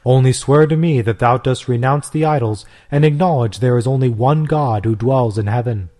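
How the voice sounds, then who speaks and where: A man's voice: mid-range voice, moderate pace, mellow, natural voice. A man reading as a fervent young convert. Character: young male Christian convert, fervent, earnest. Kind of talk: storybook reading.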